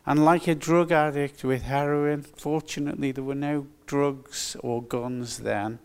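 A man's voice: medium pitch, steady tone, darkish tone, clean tone. An older man preaching a sermon, earnest and emphatic, repeating his key phrases. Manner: earnest, slow and emphatic with repetitions.

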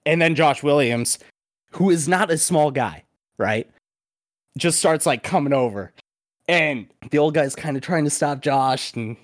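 A man's voice: on the high side, no room sound. Guy on a podcast telling a wild story, cussing a bunch, dead dry mic. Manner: animated storyteller, swears freely. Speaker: podcast host. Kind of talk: casual chat.

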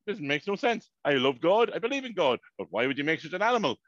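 A man, co-hosting a podcast, telling stories in an animated, swearing rant. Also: on the high side, fast talker, dry recording. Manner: animated, swearing, ranting storyteller. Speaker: podcast co-host. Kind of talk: casual chat. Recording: dry, dull lo-fi podcast mic.

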